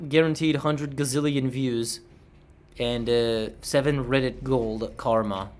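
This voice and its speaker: A man's voice: mid-range voice, fairly bright tone. A man chatting casually on a livestream, laid-back, swearing and tripping over words.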